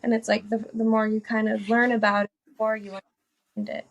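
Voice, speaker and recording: A woman's voice: a little high, flat delivery, fast talker, dull audio, a little hiss or hum. A woman talking as a podcast guest, reflective and chatty, saying "like" often. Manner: reflective, uses "like" a lot, laughs easily. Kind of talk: casual conversation.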